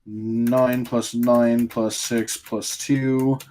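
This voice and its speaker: A man acting as game master, calmly counting out loot and explaining rules, with frequent apologies. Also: mid-range voice. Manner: unhurried, counts things out, apologetic. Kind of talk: running a tabletop game.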